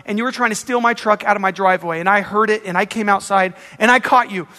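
Casting: conversational male preacher, high voice, long hall reverb. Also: fast, bright, forceful tone. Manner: emphatic, conversational preaching with acted-out examples. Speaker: pastor. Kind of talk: sermon.

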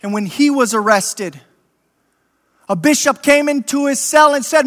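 A man preaching a sermon as a story, slow and deliberate, rising to impassioned emphasis. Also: very high voice, a bit bright. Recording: long hall reverb.

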